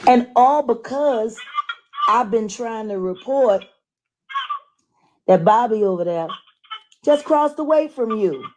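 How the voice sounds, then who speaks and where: A woman calling in, listing grievances slowly and insistently, pressing the listener with pointed questions. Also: a little high, expressive, a little mellow, poor audio. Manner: insistent, slow and deliberate, asks pointed questions. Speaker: caller. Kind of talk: phone call recording.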